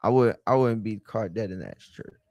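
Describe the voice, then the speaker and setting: A man hosting a wrestling live stream, ranting in a heated, profane way and swinging between loud outbursts and low muttering. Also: moderate pace, dry recording, highs cut off. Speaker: livestream host.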